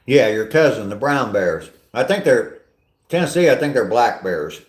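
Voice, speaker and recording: A man's voice: medium pitch, very animated, moderate pace, roomy sound. An older man hosting a casual live stream on a walk, chatting with viewers in a rambling, self-deprecating way. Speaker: vlogger reading live chat.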